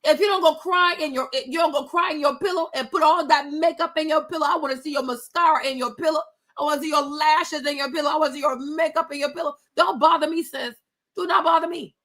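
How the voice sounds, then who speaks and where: A high-pitched woman, ranting in a casual, sassy way. She talks bluntly and profanely and mocks the people she talks about. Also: quick pace, a bit bright. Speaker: commentator reacting to celebrity gossip. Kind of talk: casual rant.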